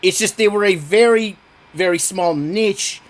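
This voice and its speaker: A man's voice: sits high, unhurried. A man co-hosting a casual movie podcast, chiming in with dry, wry remarks. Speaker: podcast co-host.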